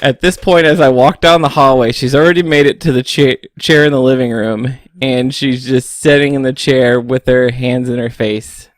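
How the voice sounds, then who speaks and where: A man co-hosting a podcast, telling a story slowly and laughing often. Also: mid-range voice, steady tone, no echo, clean studio sound. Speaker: podcast co-host. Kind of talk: casual chat.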